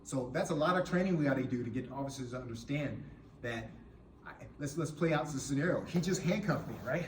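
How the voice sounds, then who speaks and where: A man's voice: mid-range voice, fairly quick, distant mic. A man coaching jiu-jitsu to police, teaching through a hands-on demonstration and often checking in with "right?". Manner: emphatic, keeps checking in with "right?". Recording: echoey room with faint background noise.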